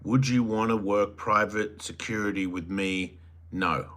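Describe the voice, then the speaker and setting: A man's voice: lowish voice, steady tone, unhurried, a bit bright. A man hosting a solo livestream, reading viewer chats aloud and answering them with crude joking banter that sometimes trails off into mumbles. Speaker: podcast host.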